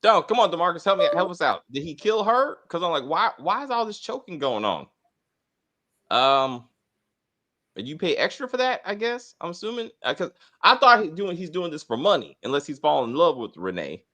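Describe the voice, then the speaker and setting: A middle-aged man hosting a casual TV review chat, rambling, swearing and talking in an animated way. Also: on the high side, fairly quick. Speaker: TV review host.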